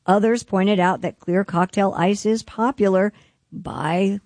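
Brief: woman on the news desk of a radio morning show, dry close mic, brisk and friendly. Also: medium pitch, fairly even intonation, darkish tone, no room sound. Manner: brisk, chatty news delivery. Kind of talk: reading a light news story. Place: radio studio.

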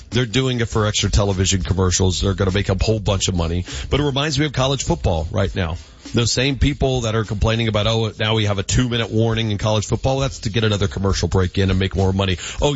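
Low-voiced man hosting sports radio. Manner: rambling, animated, lots of fillers and restarts. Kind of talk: casual sports talk radio. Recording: dull lo-fi broadcast audio.

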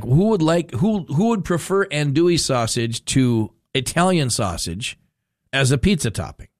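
A man's voice: mid-range voice, no room sound. A man hosting a talk radio show, rambling in a casual, self-amused monologue from a radio studio.

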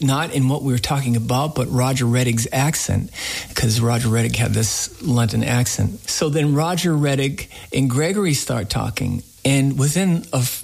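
A man's voice: mid-range voice, vocal fry, a little mellow, low-quality recording. A man who hosts a radio folk program, telling rambling, folksy anecdotes in an interview.

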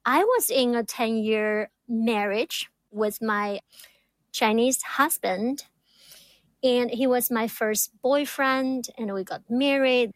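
A woman's voice: on the high side, takes it slowly, dry recording. A woman guest who stutters, repeating words as she gives reflective interview answers. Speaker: guest, doctoral student.

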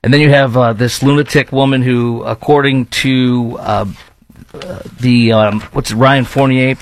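A man's voice: medium pitch, steady tone, a little slow, no room sound. A man with a Chicago accent hosting a commentary show, talking in a heated, blunt and rambling way with frequent restarts. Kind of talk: opinionated commentary.

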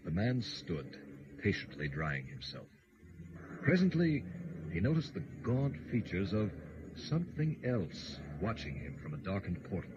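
A man's voice: sits low, very animated, measured pace, background noise. A man narrating an old radio drama in a theatrical, suspenseful way. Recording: dull old radio broadcast under loud music.

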